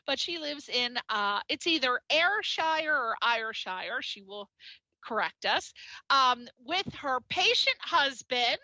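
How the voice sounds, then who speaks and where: A woman hosts a radio show, her voice high, bright and swinging all over the place. She gushes and exclaims with sheer enthusiasm, and the dry recording sounds slightly dull and lo-fi. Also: slow pace, no echo. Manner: gushing, animated, exclamatory.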